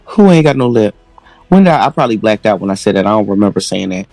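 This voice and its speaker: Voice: medium pitch, big pitch swings, quick pace, gravelly, darkish tone, no room sound, faint music behind. A livestream host giving brash, profane commentary in a campy, slangy way.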